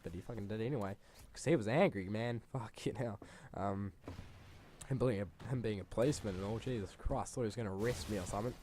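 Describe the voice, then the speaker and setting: A man's voice: lowish voice, quick pace, darkish tone, slight background noise. A young man, a gaming channel host telling a rambling school story over gameplay, swearing freely and exaggerating.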